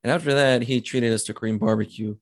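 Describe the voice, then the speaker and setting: A man's voice: mid-range voice, steady tone, fast, no room sound. Young guy teasing his friend, dry close sound, mid voice. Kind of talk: casual chat.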